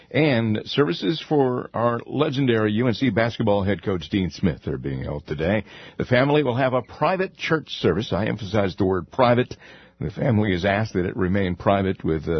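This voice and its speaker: A man hosting a morning radio show, reading local notices in a conversational way with pauses and fillers. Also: deep voice, husky, dry recording, highs cut off. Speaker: radio station host.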